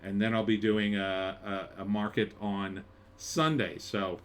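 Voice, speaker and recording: A man's voice: on the low side, flat delivery, unhurried, fairly bright tone, a little hiss or hum. A middle-aged man, hosting a podcast news roundup with chatty, offhand asides. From South Jersey. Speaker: podcast host. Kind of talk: casual news roundup chat.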